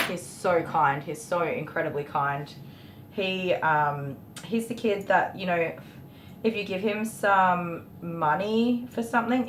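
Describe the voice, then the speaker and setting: A woman hosting a casual livestream and answering viewer questions in a chatty, openly emotional way, with frequent ums. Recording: echoey room with faint rumble.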